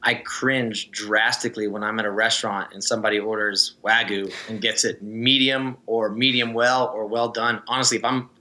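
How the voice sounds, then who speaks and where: A man's voice: lowish voice, fairly even intonation, normal speed, few pauses, sharp tone. A man, a former swimmer, chatting as an interview guest and telling easygoing stories with frequent laughs. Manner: storytelling, easygoing, laughs often. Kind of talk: casual interview chat.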